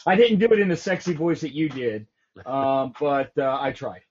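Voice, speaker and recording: A man's voice: mid-range voice, lively intonation, normal speed, a little mellow, slightly rough, muffled recording. A man co-hosting a casual toy chat, joking around and hesitating with fillers. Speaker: podcast co-host.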